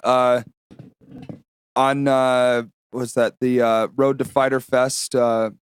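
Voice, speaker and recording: A podcast co-host with a mid-range, resonant voice talks slowly and clearly in a level tone, recorded dry with studio quality. His casual chat rambles along with plenty of fillers, and he swears freely.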